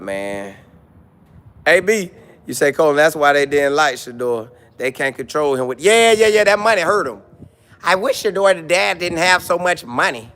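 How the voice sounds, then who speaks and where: A man chatting casually on a live stream, reading comments and riffing with jokes and repeated lines. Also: sits high. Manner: animated, jokey, repeats lines, mock voices.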